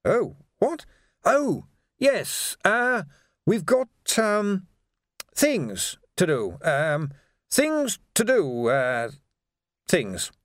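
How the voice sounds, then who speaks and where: A man's voice: sits high, wildly swooping pitch, very slow, long pauses, dry recording, clean studio sound, voice pushed up, exaggerated voice. A man voicing a fussy, nervous male technician monk who stammers and lectures. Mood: flustered.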